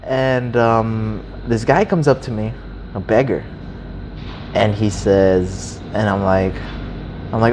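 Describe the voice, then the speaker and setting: A young man casually telling a story, animated and swearing freely, acting out the people in it. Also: on the low side, takes it slowly, slight background noise. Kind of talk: casual chat.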